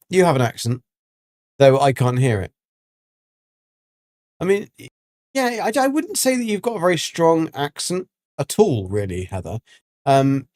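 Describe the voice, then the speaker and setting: A man's voice: mid-range voice, darkish tone, no room sound, clean studio sound. A man chatting casually on a gaming livestream, rambling with many ums and restarts. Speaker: livestreaming gamer.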